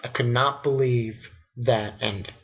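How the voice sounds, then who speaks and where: Excitable, profane young man reviewing anime. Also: measured pace, muffled recording. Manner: excitable and profane, rambling, jumps into shrill disbelief. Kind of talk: casual webcam review rant.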